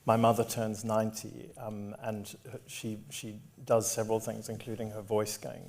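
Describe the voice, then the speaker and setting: A middle-aged man from Zimbabwe, an author talking onstage who stumbles and restarts a lot in conversation, then reads from his memoir in a measured way. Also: lowish voice, flat delivery, gravelly, a little mellow, a little hiss or hum. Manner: hesitant with many restarts when talking, measured when reading aloud. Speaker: author and guest. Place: onstage at a public talk.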